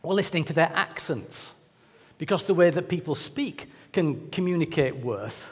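Animated preacher in a reverberant hall. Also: male voice, fairly high pitch, moderate pace, husky. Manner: conversational, anecdotal, playful asides. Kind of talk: sermon.

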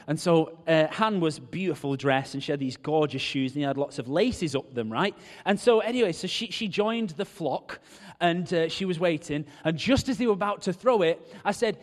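A man's voice: high-pitched, normal speed. A man preaching a sermon, telling stories and joking with the congregation. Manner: animated, joking storyteller. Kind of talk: sermon with storytelling. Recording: long hall reverb.

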